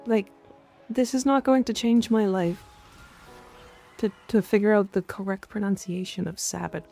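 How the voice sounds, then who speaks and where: A woman's voice: medium pitch, steady tone, normal speed, vocal fry, warm tone. A woman game streamer chatting casually and ranting offhand, with frequent swearing. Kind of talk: casual gaming stream chat. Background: faint background music.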